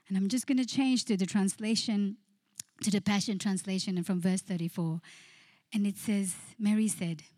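Woman preacher, earnest, mid-pitched, repeats and slows for emphasis; dry, close recording. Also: steady tone, warm tone, no echo. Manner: earnest, repeats phrases, slows to stress key lines. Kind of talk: sermon with prayer and scripture reading. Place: church.

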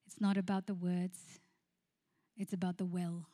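A woman pastor reads scripture during a sermon, then tells a counseling story, laughing frequently and quoting her own words in a quiet hush. Her voice is lowish and level, at a normal speed.

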